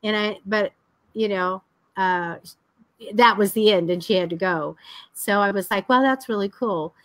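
A woman co-hosting a live psychic show. She chats casually, laughs often and talks in a blunt, lively way. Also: medium pitch, measured pace, no room sound. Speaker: psychic co-host. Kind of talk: casual live-stream chat.

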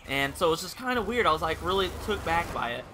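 A man's voice: on the high side, very animated, fast, background noise. A young man casually telling a rambling personal story over gameplay commentary, candid and swearing freely. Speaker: gaming channel host.

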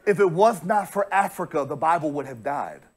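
An American pastor preaching with emphatic storytelling, his voice sitting fairly high for a man. He doubles back on words as he builds a point. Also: animated, moderate pace. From United States. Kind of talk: sermon.

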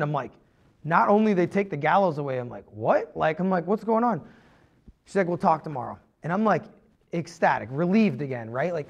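A man in his thirties telling a rambling, animated story on a podcast, full of "like" and asides. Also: fairly high pitch, gravelly, muffled recording. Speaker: podcast host. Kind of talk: casual storytelling.

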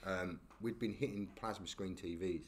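A man, a podcast guest telling stories in casual talk, animated and full of slang and tag questions. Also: deep voice, normal speed, slight background noise. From England. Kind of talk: casual storytelling.

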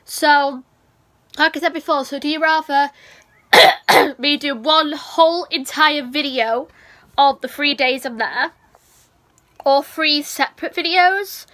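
A woman's voice: high voice, takes it slowly, long pauses, bright, forceful tone. A young woman, chatting casually to camera as a vlogger, rambling with lots of restarts and a cough.

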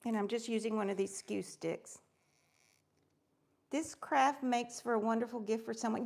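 A woman with a high voice and a gravelly, fry-edged texture, chatting casually through a live crafting stream. She keeps it upbeat and chatty, greeting her viewers by name as she works on a project. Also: moderate pace, long pauses, darkish tone.

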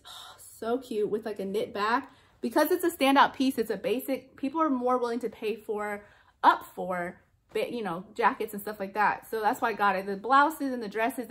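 A young adult woman chatting excitedly in a casual haul vlog, gushing over her finds. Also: on the high side. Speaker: reseller vlogger.

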